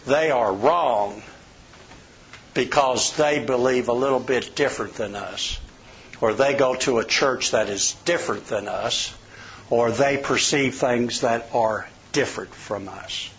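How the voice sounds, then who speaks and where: A man's voice: medium pitch, a little slow, fairly bright tone, slight background noise. A middle-aged man preaching a sermon, a folksy storyteller who tells personal anecdotes. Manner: folksy storyteller, acts out quoted voices. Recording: slightly dull lo-fi sound.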